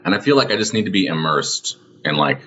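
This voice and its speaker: Deep-voiced rambling comedy co-host, a man. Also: expressive, fast talker, pushed and bright, lo-fi sound, slight background noise. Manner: rambling, full of "like". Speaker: podcast co-host. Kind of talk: casual comedy chat.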